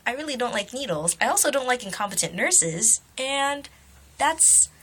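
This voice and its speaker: A young woman vlogger telling a story casually, animated, swearing freely and laughing as she talks. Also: fairly high pitch, normal speed, slightly rough.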